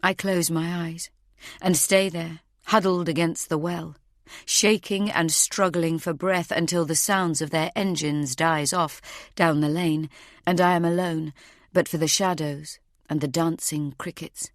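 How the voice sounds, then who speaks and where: Low-voiced woman narrating a thriller. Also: steady tone, a little slow, no echo, clean studio sound. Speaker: audiobook narrator. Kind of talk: first-person thriller narration.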